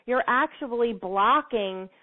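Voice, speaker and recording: A woman's voice: on the high side, takes it slowly. Earnest woman giving a tinny pep talk. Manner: earnest, encouraging, repeats phrases for emphasis. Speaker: motivational speaker. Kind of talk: motivational talk to listeners. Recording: tinny phone-like sound.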